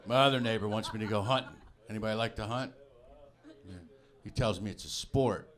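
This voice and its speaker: A man's voice: on the low side, fairly quick, a bit bright. A man doing a stand-up comedy routine on a club stage, talking casually and acting out the people in his stories. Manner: conversational, acts out quoted people. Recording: live club with crowd laughter. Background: audience laughter.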